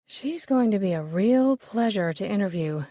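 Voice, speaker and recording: A woman's voice: fairly high pitch, expressive, moderate pace, no echo, clean studio sound, natural voice. A woman voicing an eager, polite young woman appraiser.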